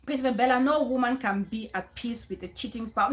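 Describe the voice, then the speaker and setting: Animated, emphatic woman vlogger. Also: fairly high pitch, fairly quick. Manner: animated and emphatic, repeats key phrases; soft and coaxing when speaking to her child. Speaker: vlogger and show host. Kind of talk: casual gossip commentary vlog.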